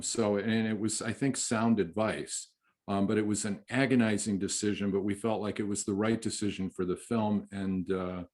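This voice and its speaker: A man, a film director, answering interview questions in a halting, heartfelt way with many restarts. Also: fairly low pitch, darkish tone.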